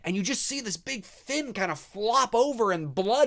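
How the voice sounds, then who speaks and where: Man, host of a casual live movie commentary. Excitable and profane, with a lively, swinging pitch. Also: fairly quick, hardly any pauses. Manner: excitable, swears freely, reads chat aloud.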